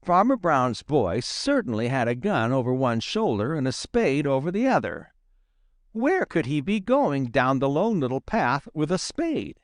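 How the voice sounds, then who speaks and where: A man narrating a children's storybook in a lively, expressive reading style. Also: medium pitch, a little slow, dry recording, studio quality. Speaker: audiobook narrator.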